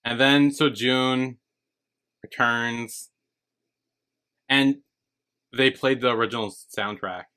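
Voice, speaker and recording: A man's voice: steady tone, slow pace, pauses often, pushed and bright, smooth. A man co-hosting a podcast, chatting casually and animatedly about a drama's finale, swearing freely and acting out the characters' lines. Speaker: podcast co-host. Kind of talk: casual recap chat. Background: squeaky chair.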